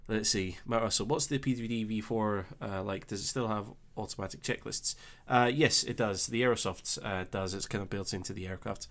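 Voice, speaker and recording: A young man with a Scottish accent hosting a casual live stream, chatting easily and reading out viewer comments with relaxed filler pauses. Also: fairly low pitch. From Scotland. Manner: chatty and easygoing, thinking aloud with filler pauses.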